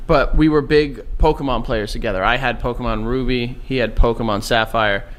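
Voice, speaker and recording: A young man co-hosting a podcast, chatting casually and breaking into loud protests and laughter when teased. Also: medium pitch, fairly even intonation, brisk. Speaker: podcast co-host. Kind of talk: casual comedic chat.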